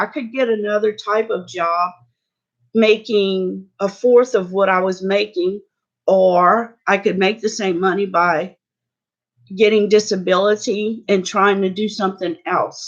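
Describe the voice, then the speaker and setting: An older woman from Louisiana, talking candidly and haltingly to her vlog viewers. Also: medium pitch, highs cut off. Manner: slow, halting, candid, many restarts. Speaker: beauty vlogger. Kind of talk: personal vlog talk.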